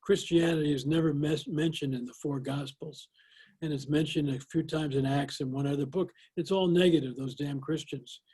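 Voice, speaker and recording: An older man talks in an easy, folksy way and leans on "you know" as he tells his stories. His voice sits a little high for a man, and it sounds husky and mellow. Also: fairly even intonation, fairly quick, poor audio. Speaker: guest. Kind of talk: interview conversation.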